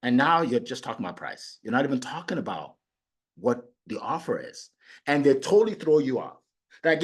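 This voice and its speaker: A middle-aged man coaching on sales, talking in an animated way and acting out his prospects. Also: mid-range voice, moderate pace, breathy edge. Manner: animated, acts out clients and prospects in quoted voices. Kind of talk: motivational sales talk.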